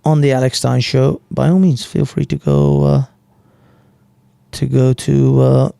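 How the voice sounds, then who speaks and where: A man chatting casually on a live stream. He talks very slowly and swears a lot, with a gravelly voice in a dry, close sound. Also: medium pitch, little pitch movement, dark tone, no room sound. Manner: slow, casual, profane.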